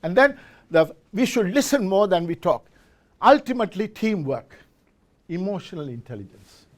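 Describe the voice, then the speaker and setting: A man's voice: sits high, big pitch swings, moderate pace. A middle-aged man giving a motivational business talk to a live audience, quizzing listeners and often restarting his words. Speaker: speaker at a business forum. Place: event hall with a live audience.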